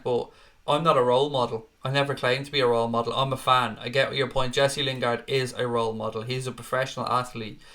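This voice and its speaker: A man's voice: medium pitch, bright, forceful tone. A young man hosting a casual live stream, chatting and reading out viewer comments, swearing freely. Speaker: host.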